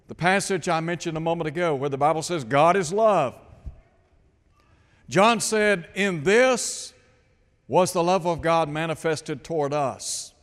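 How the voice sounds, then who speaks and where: A man's voice: on the high side, big-room sound. A man preaching a sermon, asking his listeners rhetorical questions and quoting scripture. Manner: slow, deliberate, rhetorical questions.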